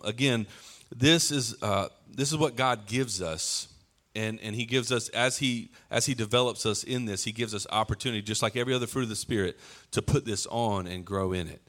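A man preaching a sermon in a relaxed, conversational way, slipping into playful acted-out asides. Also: mid-range voice.

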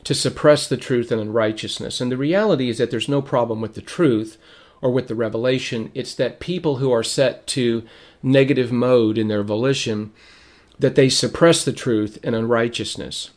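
A man teaching a sermon in a measured way, reading quotations aloud, who is losing his voice and keeps clearing his throat. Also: mid-range voice, darkish tone. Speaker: preacher.

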